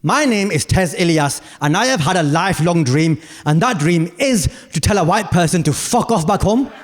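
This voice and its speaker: A man doing stand-up on a big theatre stage, his voice sitting a touch high for a man. He tells long stories with punchy asides and now and then climbs into loud, shouted rants. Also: animated, normal speed, a little hiss or hum. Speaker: stand-up comedian. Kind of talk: stand-up comedy.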